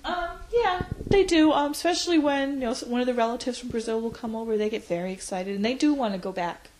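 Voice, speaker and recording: A woman in her forties, reflecting on her life in an interview, pausing often with fillers. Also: a little high, darkish tone, a little hiss or hum, poor audio. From United States. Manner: reflective, hesitant with frequent fillers. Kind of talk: oral history interview.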